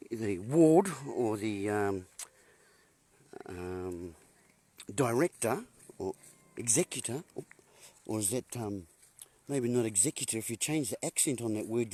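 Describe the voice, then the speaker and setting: A host with a medium-pitched, darkish voice gives viewers a rambling monologue, dry in sound. He puns as he goes, chuckles at his own jokes, and calls his listeners folks.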